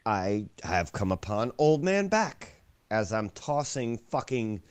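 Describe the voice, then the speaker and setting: A man's voice: fairly low pitch, very animated, slow, smooth. A man co-hosting a casual podcast, swearing constantly as he rants. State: sore back. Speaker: podcast co-host. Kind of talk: casual profane banter.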